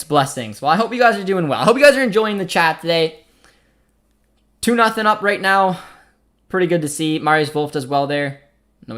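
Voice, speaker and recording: A young Canadian man with a Canadian accent hosts a live football watchalong, talking casually over the match. He reacts to the play as it happens and reads out messages from the chat. His voice sits a little higher than most men's. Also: fairly bright tone. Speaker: watchalong host.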